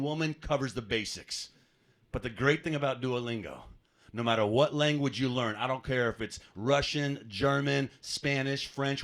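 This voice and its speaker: A man's voice: medium pitch, vocal fry, a bit bright. An American man performing a stand-up comedy set, talking conversationally to the crowd with self-deprecating asides. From United States. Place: comedy club stage.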